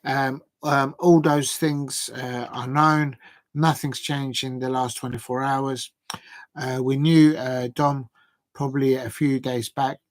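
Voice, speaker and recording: A man hosting a live football transfer show, talking casually and hesitantly with lots of fillers. His voice sits at a middle pitch and sounds dry and close, with no room echo. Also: flat delivery, slow. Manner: chatty, hesitant, many fillers, reads quotes aloud.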